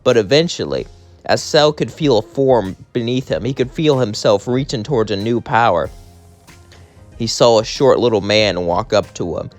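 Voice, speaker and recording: A man's voice: fairly low pitch, lively intonation, normal speed. A man narrating a fan-fiction story in a casual, conversational way. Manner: conversational, plain. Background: faint music.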